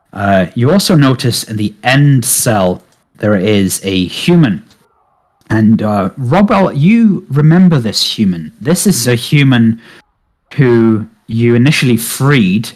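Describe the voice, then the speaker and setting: Man as game master, slow, unhurried delivery, many fillers. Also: on the low side. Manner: relaxed, hesitant with many fillers. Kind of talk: narrating a tabletop game.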